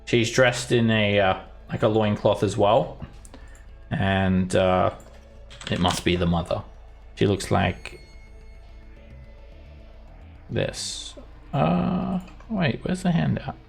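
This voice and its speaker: Brief: male dungeon master, lowish voice, loose descriptive narration. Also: animated, takes it slowly, creaky, faint music behind. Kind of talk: narrating a tabletop game.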